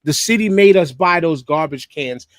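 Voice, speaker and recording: A man's voice: a little high, lively intonation, moderate pace, no echo. A man co-hosting a podcast in casual chat, emphatic and cursing freely, who repeats his points. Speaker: podcast co-host.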